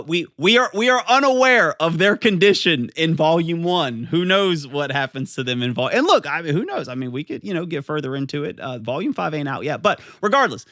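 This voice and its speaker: A man's voice: medium pitch, a bit bright, clean tone, no room sound, studio quality. A man giving a casual, enthusiastic video review of a manga, rambling with lots of fillers and restarts.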